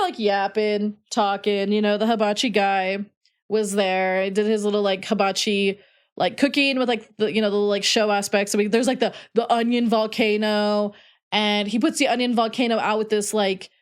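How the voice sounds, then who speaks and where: Chatty young woman streamer. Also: medium pitch. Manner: chatty, rambling, heavy "like" fillers. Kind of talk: casual storytelling while playing.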